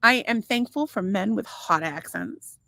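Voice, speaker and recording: A woman's voice: medium pitch, animated, measured pace, creaky, pushed and bright, no room sound. A middle-aged woman co-hosting a casual podcast, telling bawdy stories with lots of laughing and swearing. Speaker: podcast co-host. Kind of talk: casual chat.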